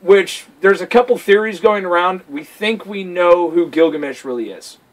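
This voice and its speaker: A young man co-hosting a casual game chat, excitable and profane, acting out scenes in mock voices. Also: high-pitched, normal speed, low-quality recording. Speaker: podcast co-host.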